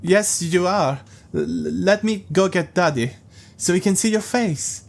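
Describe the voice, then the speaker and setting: A fretful, anxious mother, put on by a man reading a story. His voice lifts high above his usual register. The tone stays pleading and uneasy. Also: unhurried.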